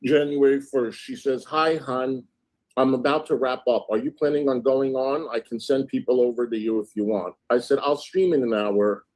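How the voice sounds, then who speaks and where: A man's voice: mid-range voice, steady tone, moderate pace, a little mellow. A man hosting a livestream, casually recounting and reading out text messages in an indignant tone. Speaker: livestream host.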